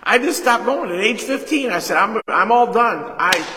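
A man preaching a sermon as pastor, leading call-and-response and retelling a conversation, with sudden loud emphasis. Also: high voice, expressive, moderate pace, slight background noise. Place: church sanctuary. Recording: echoey hall reverb.

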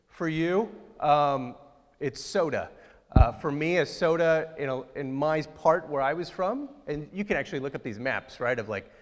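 A man's voice: medium pitch, in a large hall. A pastor giving a conversational, joking sermon and asking his congregation questions. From outside Ohio, United States.

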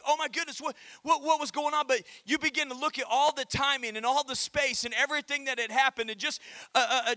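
A man pastor preaching a sermon, calling out to the congregation and reading scripture with emphatic pauses. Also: very high voice, sharp tone, no echo. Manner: emphatic preaching with call-and-response.

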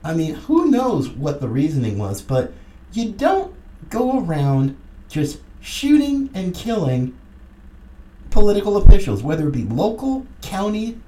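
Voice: mid-range voice, unhurried, slight background noise. A middle-aged podcast host giving a combative, sarcastic political commentary monologue. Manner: combative and sarcastic, lively emphasis. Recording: roomy echoey room.

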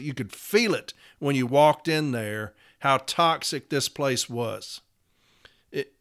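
A man's voice: mid-range voice, a bit bright, smooth. A man telling a story about a workplace confrontation, blunt and profane, acting out both sides of the argument as a union representative. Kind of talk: storytelling monologue.

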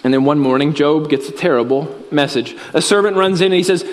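A man preaching a sermon, telling a story earnestly and dropping his voice low and soft at solemn moments. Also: fast talker, few pauses. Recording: reverberant hall.

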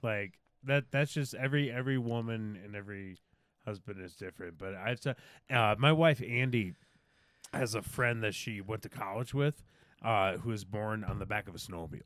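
A man's voice: fairly low pitch, normal speed, a bit bright, no echo, studio quality. A married man co-hosting a comedy podcast, telling rambling anecdotes with restarts. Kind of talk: casual comedy podcast storytelling.

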